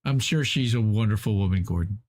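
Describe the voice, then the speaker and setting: A man's voice: lowish voice, fairly quick, darkish tone. A man hosting a live stream, reading an article aloud with emphatic delivery and sardonic asides.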